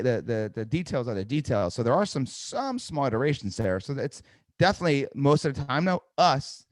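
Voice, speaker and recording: A man's voice: medium pitch, no echo, studio quality. A middle-aged man coaching salespeople in a live webinar, talking directly and energetically and often checking in with "right?". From New Jersey. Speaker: sales trainer.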